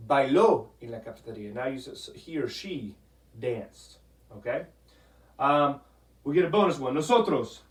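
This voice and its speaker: A man teaching a Spanish grammar lesson, patient, repeating "okay?" often and sounding out words slowly. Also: mid-range voice, animated. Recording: echoey room, voice from a distance.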